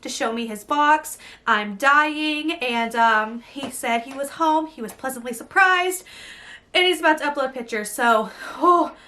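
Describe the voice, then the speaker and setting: A young woman, gushing breathlessly through an excited unboxing vlog. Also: high-pitched, unhurried. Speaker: beauty vlogger.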